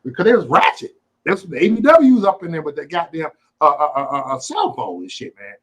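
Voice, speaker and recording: A man hosting a casual livestream, telling a story in an animated, profane way and acting out the quotes. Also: fairly high pitch, fast talker, low-quality recording. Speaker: host.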